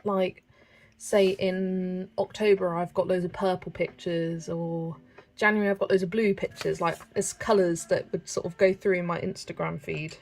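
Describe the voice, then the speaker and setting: With a lowish, steady, slightly mellow voice at a moderate pace, this livestream host colours while chatting casually, reading out chat messages and thinking aloud over which colours to pick.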